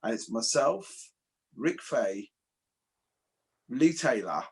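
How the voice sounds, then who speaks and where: A man's voice: medium pitch, slow, husky. A man from England, a martial arts instructor telling stories in casual chat on a video call. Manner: animated storyteller, swears casually.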